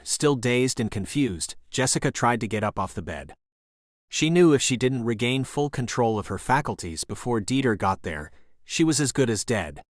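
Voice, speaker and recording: A man's voice: medium pitch, no room sound, studio quality. Man narrating a thriller audiobook. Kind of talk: scripted narration.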